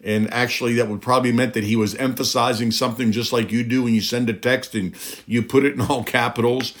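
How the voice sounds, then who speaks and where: A man's voice: medium pitch, steady tone, fairly quick, fairly bright tone. A middle-aged man preaching a sermon, emphatic, with rhetorical questions and a voice that climbs on key points.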